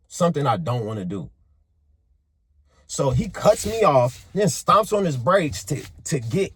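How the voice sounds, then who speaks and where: A man telling a story in a casual monologue, animated and profane, swinging between hushed and loud. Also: fairly high pitch, breathy edge, no echo. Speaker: motivational vlogger.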